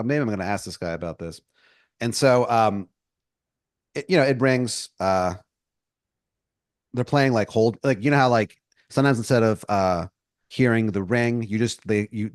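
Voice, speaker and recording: A man's voice: medium pitch, moderate pace, dry recording, studio quality. A man co-hosting a comedy podcast, improvising a rambling story with lots of restarts. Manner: rambling, full of likes and restarts. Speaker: podcast co-host.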